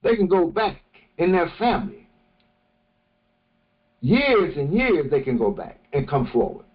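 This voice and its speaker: Slow-speaking man giving a religious lecture. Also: on the high side, big pitch swings, lo-fi sound. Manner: slow, deliberate, with many restarts. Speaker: religious teacher. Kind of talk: morning lecture.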